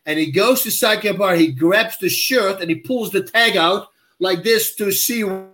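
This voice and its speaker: High-voiced man telling a quick story. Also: sharp tone. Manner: laughing, acts out quoted lines. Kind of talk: casual storytelling.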